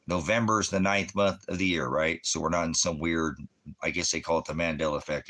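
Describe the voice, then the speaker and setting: A man's voice: very deep voice, sharp tone. A man preaching in a ranting religious monologue, combative and full of rhetorical questions.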